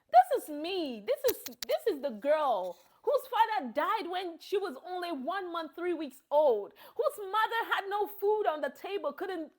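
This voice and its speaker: A young woman giving a heartfelt, grateful testimony, swinging from soft and low to loud bursts with laughter. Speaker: vlogger giving a personal testimony.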